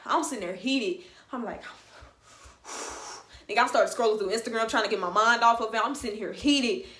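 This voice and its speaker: A young woman telling a story on her vlog in a slangy, animated, emphatic way. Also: fairly high pitch, normal speed. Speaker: vlogger. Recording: roomy echo.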